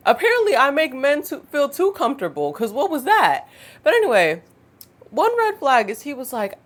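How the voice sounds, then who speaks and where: A woman, telling a storytime vlog in a chatty, animated way with laughing asides. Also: sits high, moderate pace. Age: 20s. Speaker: storytime vlogger. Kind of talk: casual storytime monologue.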